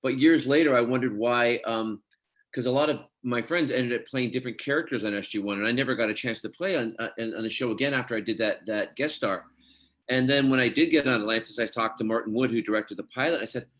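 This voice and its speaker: Fast-talking Scottish-born actor. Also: male voice, mid-range voice, fairly bright tone. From Scotland. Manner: chatty anecdotes, quotes others, laughs easily. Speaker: actor guest. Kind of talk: casual interview storytelling.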